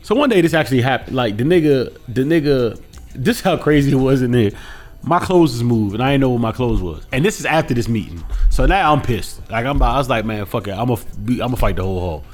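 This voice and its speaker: A man co-hosting a casual podcast, telling a college story in an animated way with many quoted voices. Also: medium pitch, fairly quick, faint music behind. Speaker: podcast co-host.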